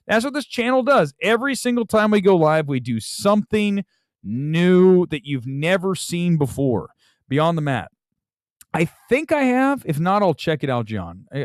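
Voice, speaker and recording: A man hosts a casual movie live stream, rambling and chatty with frequent restarts. His pitch swings in a lively way as he talks. The sound is dry and close to the microphone. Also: dry recording. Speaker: movie talk show host.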